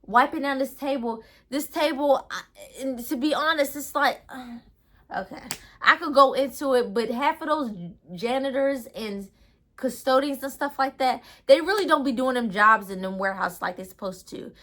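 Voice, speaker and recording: Bright-voiced woman ranting in a storytime. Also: sits high, normal speed. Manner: animated, ranting, slangy. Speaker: storytime vlogger. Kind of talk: casual storytime.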